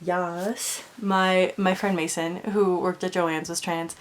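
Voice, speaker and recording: A woman's voice: lowish voice, level tone, slow pace, a little hiss or hum. A young woman chatting casually in a doll vlog, rambling with lots of fillers and sometimes dropping to a whisper. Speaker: doll vlogger. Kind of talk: casual chat.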